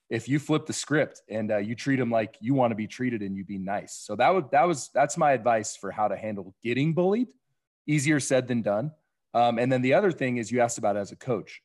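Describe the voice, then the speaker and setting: A man who coaches youth baseball tells stories from the field in a casual podcast chat. His voice sits at an ordinary pitch, and he speaks plainly and thoughtfully.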